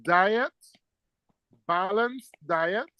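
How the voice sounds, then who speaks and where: A male teacher giving a classroom lecture, lively and teasing, firing questions at his students. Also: high voice, extremely slow, clean tone, no room sound, dull audio.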